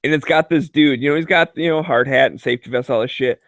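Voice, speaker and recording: A man's voice: mid-range voice, quick pace, gravelly, fairly bright tone, no room sound, clean studio sound. A man in casual chat, telling joking, profane stories full of filler words and frequent laughter. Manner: loose filler-heavy delivery with many "like"s. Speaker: chat regular.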